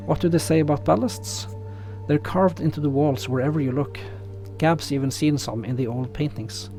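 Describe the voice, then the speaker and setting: A man's voice: fairly high pitch, normal speed, dark tone, soft background music, lightly acted. A man reading the lines of a stubborn rural man in a game letter, folksy and plain-spoken. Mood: insistent.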